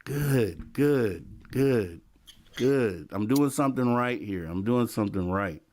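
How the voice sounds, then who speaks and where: A man's voice: mid-range voice, lively intonation, slow, a little mellow. A man hosting a late-night call-in talk show in a laid-back way, often repeating himself. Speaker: host.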